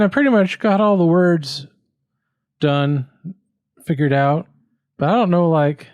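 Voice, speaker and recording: A man's voice: fairly high pitch, a little mellow, no echo, lightly acted. A man improvising an earnest, confused young student who frets over which word to stress. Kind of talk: improvised comedy scene.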